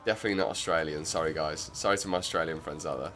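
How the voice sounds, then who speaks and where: A man's voice: low-pitched, fast talker, hardly any pauses, sharp tone, soft background music. A man streaming a game, chatting casually and rambling with lots of filler words. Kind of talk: casual gameplay commentary.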